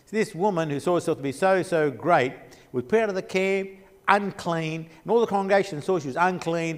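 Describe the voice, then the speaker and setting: A man's voice: a little high, in a large hall. A man teaching a Bible geography class at a church, rambling with frequent restarts as he points at a map. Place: church hall.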